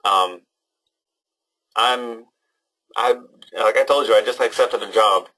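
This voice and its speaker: Young man, online instructor, casual, hesitant, lots of fillers, fairly low voice, computer mic. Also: slow, pushed and bright, rough recording. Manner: hesitant, many ums and restarts. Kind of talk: casual webinar talk to students.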